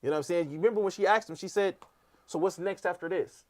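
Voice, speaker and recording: A man with a high voice joins a casual after-show discussion. He backs up his co-host with quick agreements and retells scenes by quoting the characters.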